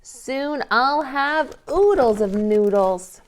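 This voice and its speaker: A woman's voice: high-pitched, animated, takes it slowly. Woman doing a sing-song storybook noodle lady. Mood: content. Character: cheerful woman who sings about noodles.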